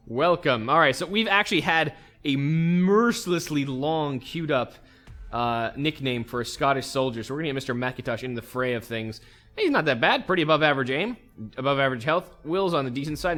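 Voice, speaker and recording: A man's voice: a little high, quick pace, fairly bright tone, soft background music. A man hosting a let's play, casually thinking aloud as he plays a strategy game. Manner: easygoing, thinks aloud while playing. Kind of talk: casual gameplay commentary.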